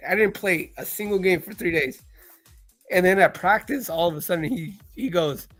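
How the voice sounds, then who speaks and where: A young man chatting casually on a live stream, telling stories with lots of fillers and shouting out quoted lines. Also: high-pitched, normal speed, faint music behind. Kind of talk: casual chat. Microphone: live stream call mic.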